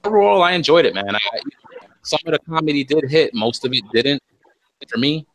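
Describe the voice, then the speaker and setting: A man's voice: on the high side, big pitch swings, brisk, fairly bright tone, rough recording. A man on a podcast panel, chatting casually and enthusiastically, swearing now and then. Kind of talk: casual chat.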